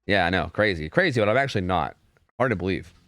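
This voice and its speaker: Man, game stream commentary, casual chatter, repeats words, lively pitch, faint background music. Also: fast talker, dry recording. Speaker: streamer casting game scrims.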